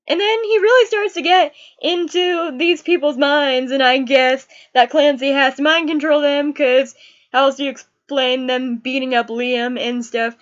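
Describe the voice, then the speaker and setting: A woman's voice: sits high, normal speed, highs cut off. A young woman giving a casual, emotional book review, gushing about the characters she loved and hated.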